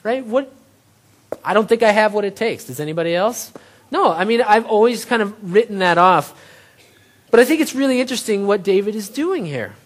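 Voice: medium pitch, expressive, brisk. A preacher giving a sermon, retelling a scripture story in plain everyday terms and asking the audience rhetorical questions.

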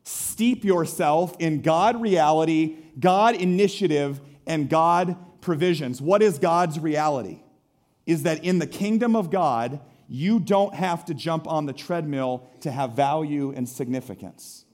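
Lively preaching man, fairly high voice. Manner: dynamic preaching, swinging between loud emphasis and soft slow phrases. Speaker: pastor. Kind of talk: sermon.

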